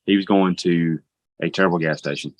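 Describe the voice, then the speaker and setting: Middle-aged dad chiming in, really deep voice, plain and to the point, dry sound. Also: male voice, fairly even intonation, a little fast, no room sound. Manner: brief, matter-of-fact interjections. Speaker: father of a teen son. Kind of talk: casual interview talk.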